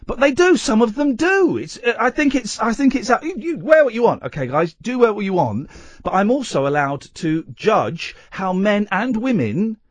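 A man's voice: high voice, very animated, normal speed, dry recording. A man hosting a radio phone-in, talking casually, rambling and correcting himself with a playful streak. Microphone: studio microphone.

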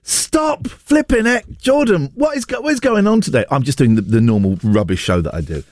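A man's voice: medium pitch, lively intonation, fast talker, a little mellow, no room sound, clean studio sound. A man in his late forties hosting a breakfast radio show, bantering in a loose, self-mocking way with lots of restarts. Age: 40s.

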